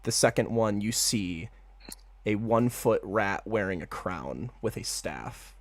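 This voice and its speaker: A man narrating a tabletop game as game master in a casual, excitable way, swearing freely. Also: fairly low pitch, unhurried, dry recording.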